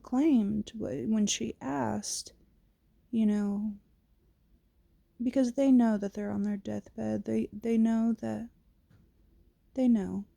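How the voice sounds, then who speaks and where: A woman's voice: on the high side, fairly even intonation, vocal fry, warm tone, no room sound. A woman vlogging casually to camera, reflective and candid, with a fresh-from-sleep morning voice. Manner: slow, reflective, casual with swearing.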